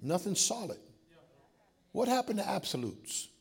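A man preaching a sermon as pastor, calling on the congregation to answer back and swinging between shouts and hushed asides. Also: sits high, big pitch swings, a little slow, creaky, breathy edge. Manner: preaching with call-and-response to the congregation.

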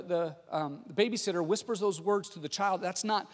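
A man preaching a sermon, telling stories with animated delivery and acting out the lines he quotes. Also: high voice, a little fast, few pauses. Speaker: pastor. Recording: long hall reverb.

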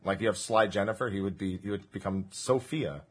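A man's voice: sits low, brisk, breathy edge. A man from New Jersey chatting casually on a livestream, explaining slang and laughing often. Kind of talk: casual stream chat.

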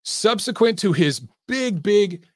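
Man, middle-aged, podcast host, casual rant, profane, emphatic, slightly high voice, dry close sound. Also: lively intonation, slow pace, no room sound. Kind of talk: casual ranting commentary.

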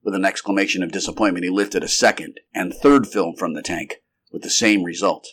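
A man giving an unrehearsed, steady, measured reading of a vintage science fiction story. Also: deep voice. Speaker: narrator.

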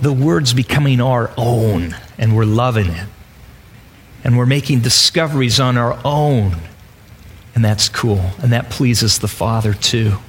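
A pastor preaches a sermon conversationally, often posing rhetorical questions. His voice is mid-range and fairly bright.

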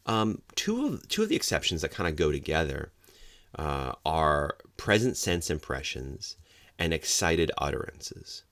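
A middle-aged man teaches police officers about hearsay in a lecture. His voice sits extremely low and has a gravelly fry. He explains patiently and breaks into loud, acted-out quotes, recorded dry and close. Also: very animated, a little slow, no room sound. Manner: explanatory, acts out quoted examples with sudden loud outbursts. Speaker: legal trainer for law enforcement.

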